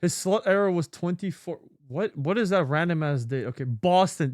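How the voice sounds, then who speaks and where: A male streamer chatting casually with viewers, excitable and swearing often with lots of exclamations. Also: sits high, normal speed, hardly any pauses, no echo, studio quality. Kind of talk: casual live-stream chat.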